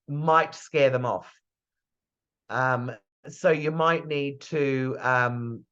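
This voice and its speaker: Chatty PR coach on a call. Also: male voice, on the high side. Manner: chatty, hesitant, thinks aloud with fillers and restarts. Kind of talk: live online masterclass Q&A. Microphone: video call. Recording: lo-fi video call audio.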